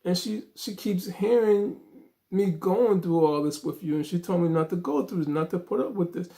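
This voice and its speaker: A man's voice: high-pitched, normal speed, creaky. A man vlogger telling a story in a casual way, acting out the dialogue with lots of fillers. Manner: animated, acts out dialogue, frequent fillers.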